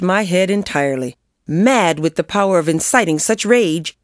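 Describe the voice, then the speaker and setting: Expressive woman narrating a story, lowish voice. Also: moderate pace, dry recording, studio quality. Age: adult. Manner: lively, expressive reading. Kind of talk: reading a story aloud.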